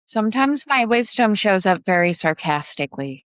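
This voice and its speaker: A woman co-hosting a casual podcast conversation, frank and unhurried, who laughs and swears freely. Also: medium pitch, big pitch swings, dry recording. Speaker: podcast co-host.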